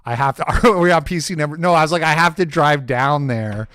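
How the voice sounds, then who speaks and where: A man's voice: a little high, a little fast, dry recording, clean studio sound. Swearing man telling a story. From Canada. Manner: animated, swears freely, self-deprecating. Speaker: streamer host. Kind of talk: casual rambling storytelling.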